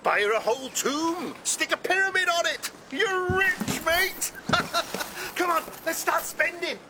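A man's voice: very high-pitched, lively intonation, unhurried, noisy background. An actor playing a cheeky, reckless young male servant in a stage comedy, brash and cocky. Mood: gleeful.

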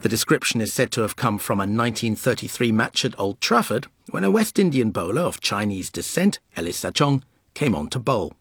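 Expressive male documentary narrator. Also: on the low side, a little fast, breathy edge, no room sound, studio quality.

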